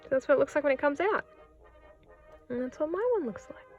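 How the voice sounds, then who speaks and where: A woman's voice: high-pitched, lively intonation, fairly quick, a little mellow, dull audio, soft background music. An Australian woman chatting casually to camera in a vlog from her home jewellery studio, rambling and self-deprecating. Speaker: jewellery maker and vlogger.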